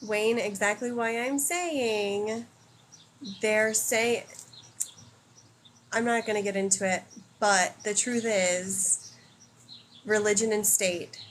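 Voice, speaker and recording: A woman's voice: medium pitch, steady tone, takes it slowly, long pauses, a little hiss or hum. An American woman in her thirties hosting a casual livestream, reading comments aloud and answering bluntly, with frequent swearing. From United States. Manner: blunt, opinionated, swears freely. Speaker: livestream host.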